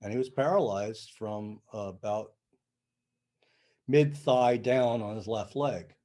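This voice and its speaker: An older man with a mellow, warm tone, chatting casually as a podcast guest. He tells his story in a lively way, acting out each side of the conversation. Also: fairly low pitch, takes it slowly. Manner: animated storyteller, acts out dialogue. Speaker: sound healing practitioner, podcast guest.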